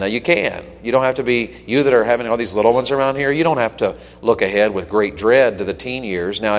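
A man preaching in a church sanctuary, his voice carrying a long reverb through the hall. He talks earnestly, putting questions to the congregation and rising to emphatic peaks. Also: on the low side. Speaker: visiting preacher. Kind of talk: sermon.

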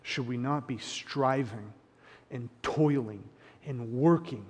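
Impassioned preacher in a reverberant hall. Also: male voice, mid-range voice, slow, husky. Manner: impassioned, swinging from hushed to emphatic; sarcastic paraphrasing of opponents. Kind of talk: sermon.

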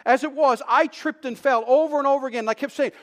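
A man preaching a sermon, telling a personal story with animated delivery that swings between loud bursts and hushed tones, sometimes restarting words. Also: very high-pitched, quick pace. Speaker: pastor.

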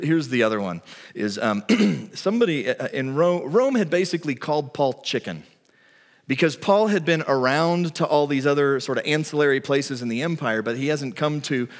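Conversational male pastor in a reverberant hall. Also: medium pitch. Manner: conversational, storytelling delivery. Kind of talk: sermon. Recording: long reverb of a large hall.

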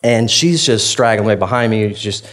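A man's voice: lowish voice, a little fast, a bit bright. A man, preaching a conversational sermon. He tells a personal story in a chatty, self-deprecating way, laughing often and acting out his own reactions. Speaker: pastor.

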